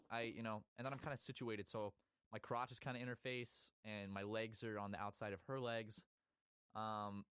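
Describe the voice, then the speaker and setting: A man's voice: fairly low pitch, dry recording, clean studio sound. Young man telling a rambling story. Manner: storytelling, acts out voices and yells in the story. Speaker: podcast co-host. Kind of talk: casual podcast chat.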